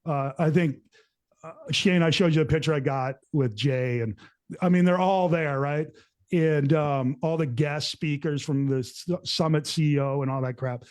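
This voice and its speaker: Animated rambling man, higher voice. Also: moderate pace, clean tone. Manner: rambling, animated, acts out quotes. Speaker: show host. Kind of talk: casual storytelling to co-hosts.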